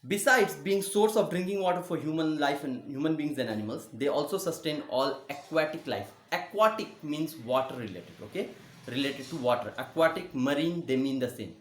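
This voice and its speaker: Man teaching slowly in an echoey room. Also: a little high, expressive, a little hiss or hum. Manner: slow, repeats and spells out words, checks with "okay?". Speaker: school teacher. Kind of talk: classroom geography lesson.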